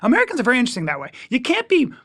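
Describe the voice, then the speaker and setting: A man in his fifties talks as a show guest in a lively, animated way, quick to joke and to poke fun at himself. His voice sits noticeably high for a man. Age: 50s. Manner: animated, quick asides, self-mocking humor. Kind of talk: casual talk show conversation.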